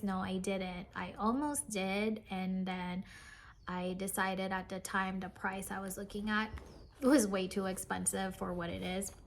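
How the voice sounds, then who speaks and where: Slow, gravelly-voiced excited woman vlogger. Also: mid-range voice, slight background noise. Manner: gushing, excitable, many fillers and sighs. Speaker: cross-stitch vlogger. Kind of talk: casual show-and-tell chat.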